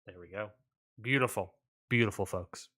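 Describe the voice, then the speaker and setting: Bright-voiced laid-back man podcasting. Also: lowish voice, normal speed. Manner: laid-back, trails off, drops quiet at line ends. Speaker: podcast co-host. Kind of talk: casual wrestling podcast chat.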